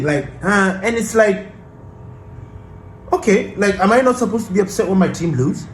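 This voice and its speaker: Fired-up guy fan venting about his team, lively swinging voice, faint background hum. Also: sits high, moderate pace, pauses often, echoey room, poor audio. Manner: passionate, defiant ranting fan. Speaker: football channel host. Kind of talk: casual fan vlog commentary.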